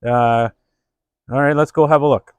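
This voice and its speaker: A man's voice: medium pitch, steady tone, normal speed, clear, resonant tone, dry recording, lightly acted. A man voicing a bemused male police chief who asks what is going on. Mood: puzzled. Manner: bemused, questioning.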